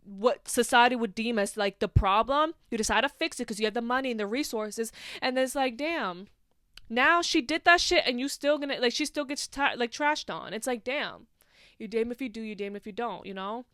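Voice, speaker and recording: A young woman carries a solo podcast with a bright, smooth, clear voice pitched a touch high. She talks with passion and plenty of swearing, leaning on "like" and "you know" as she goes. The sound is dry and close, with no room around it. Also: moderate pace, no room sound. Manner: passionate, profane, heavy use of filler "like". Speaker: podcast host. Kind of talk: casual solo podcast monologue.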